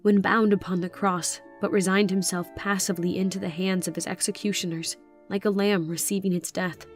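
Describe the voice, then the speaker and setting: A woman narrating a historical novel in letter form, solemn and measured. Her voice sits at an ordinary middle pitch, with faint instrumental music playing beneath. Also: little pitch movement. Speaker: audiobook narrator.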